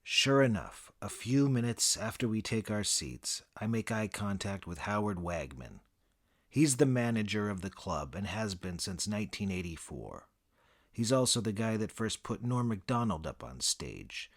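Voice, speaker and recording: A man narrating a comic first-person story in a dry, deadpan, boastful manner. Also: fairly low pitch, moderate pace.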